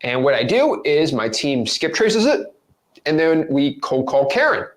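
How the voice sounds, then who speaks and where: A young man teaching real estate with lively energy, acting out phone calls in quick different voices. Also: a little high. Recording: roomy echo.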